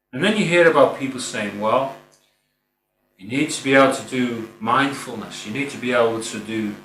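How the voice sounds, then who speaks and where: A middle-aged spiritual speaker with a fairly high, sharp-toned voice gives an earnest, informal reflective talk, rambling a little and saying "you know" often. It's picked up by a distant mic in a roomy space with a faint hum.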